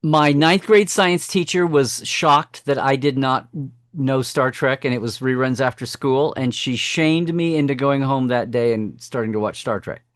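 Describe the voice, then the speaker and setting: A man guest on a podcast, telling lively stories and often breaking off to restart his sentences. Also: mid-range voice, measured pace, no room sound, clean studio sound. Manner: animated storyteller who breaks off and restarts sentences. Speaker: podcast guest, franchise historian. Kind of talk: casual podcast conversation.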